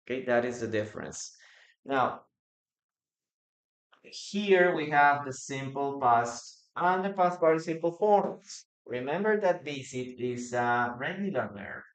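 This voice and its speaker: A male English teacher leads a live online lesson at an unhurried, deliberate pace. He repeats each word and keeps asking the chat questions. His voice rings with a roomy echo. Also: mid-range voice, animated. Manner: patient, repeats words, quizzes the chat.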